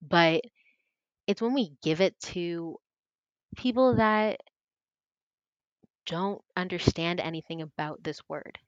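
A young woman in her twenties, a podcast guest telling her story in casual chat, earnest and animated, acting out what others said. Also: on the low side, slow, pauses often, dry recording, lo-fi sound. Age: 20s. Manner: earnest, animated, acts out quoted voices.

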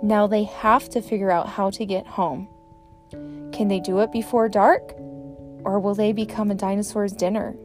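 A woman teacher hosting her own podcast, reading a children's chapter book aloud in a clear, expressive way. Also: medium pitch, normal speed, over music.

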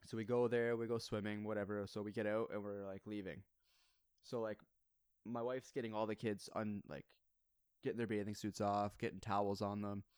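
Guy in his 30s chatting on a podcast, laughing thru his story, clear voice, dry sound. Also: on the low side, little pitch movement, moderate pace, darkish tone, dry recording. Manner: laughs often while telling stories. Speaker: podcast co-host. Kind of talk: casual chat, telling a family story.

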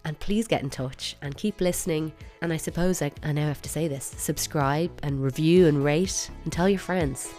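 A woman's voice: low voice, normal speed, hardly any pauses, mellow, faint music behind. An Irish woman hosting a solo podcast, chatty and opinionated with playful emphasis. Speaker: podcast host.

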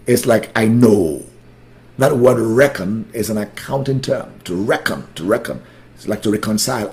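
A male preacher with a very animated voice whose pitch rises and falls widely. He teaches a Bible study in a fervent sermon style, repeating key phrases and shifting from loud declarations to quiet asides. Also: normal speed. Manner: fervent, emphatic repetitions, swings between loud and soft. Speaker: pastor leading a Bible study.

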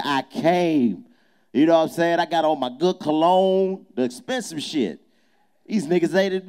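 A man's voice: a little high, dark tone. A young adult man, a comedian, doing a boisterous, profane, teasing improvised roast inside a small nightclub.

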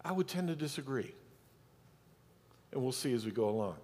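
A man's voice: medium pitch, lively intonation, moderate pace, long pauses, a little mellow. A man preaching a Sunday sermon as pastor, emphatic and speaking directly to his congregation in a church. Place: church sanctuary. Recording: long church hall reverb.

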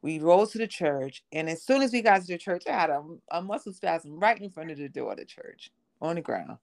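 A woman with a low, gravelly voice recounts her own story on a podcast. She tells it conversationally and slips into the voices of the people she quotes. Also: lively intonation, a little fast. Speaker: podcast guest. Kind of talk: personal testimony in conversation.

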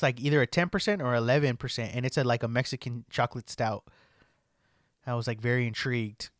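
A man's voice: medium pitch, no room sound, studio quality. Slangy young man. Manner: slangy, profane, animated. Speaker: podcast host. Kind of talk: casual storytelling chat.

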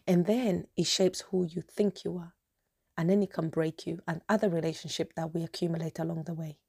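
A woman's voice: fairly low pitch, level tone, a little fast, a little mellow, husky. A woman hosting a solo podcast, talking earnestly and passionately, repeating her points for emphasis. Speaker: podcast host. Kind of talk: emotional solo podcast monologue.

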